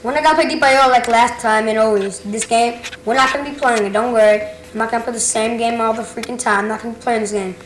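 High-voiced excitable gamer in echoey room. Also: female voice, fast, hardly any pauses, a little hiss or hum. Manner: rambling, excitable, swears and yells at the game. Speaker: gaming channel host. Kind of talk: casual gameplay commentary. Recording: roomy with game music behind.

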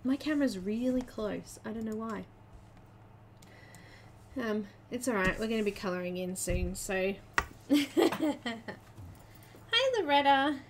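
A woman hosting a casual live chat, a little out of breath, chatty and quick to laugh as she greets viewers by name. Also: on the high side, slight background noise. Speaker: live stream host.

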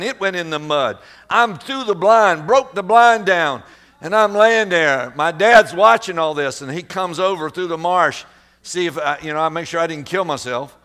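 A middle-aged man, a pastor, preaching a sermon and telling a story with animated sound effects and acted-out quotes. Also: a little high.

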